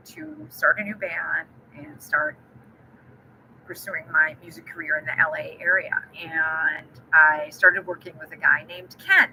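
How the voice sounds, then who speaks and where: A woman's voice: low-pitched, gravelly, pushed and bright, a little hiss or hum, low-quality recording. A woman giving a friendly live-streamed keynote talk and telling a personal story. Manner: friendly, storytelling, greets viewers by name. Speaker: keynote speaker.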